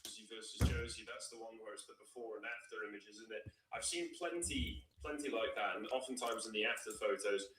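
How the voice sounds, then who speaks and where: Bright-voiced man on a noisy distant mic. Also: fairly low pitch, fairly even intonation, fairly quick, hardly any pauses. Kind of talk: remote stream discussion. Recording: roomy, distant mic with faint noise.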